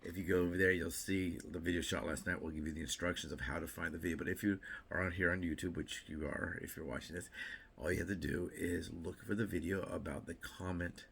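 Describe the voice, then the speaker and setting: Deep gravelly man, rambling vlog chat. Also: fairly even intonation, fast, fairly bright tone, a little hiss or hum. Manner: rambling, chatty, self-interrupting with repeats and fillers; joking asides. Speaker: vlogger. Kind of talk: casual morning vlog chat.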